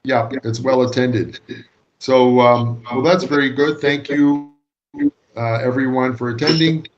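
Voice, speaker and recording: A man's voice: medium pitch, steady tone, unhurried, muffled recording. A man with a Canadian accent giving a joking, easygoing guest lecture over a video call. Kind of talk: casual remote lecture.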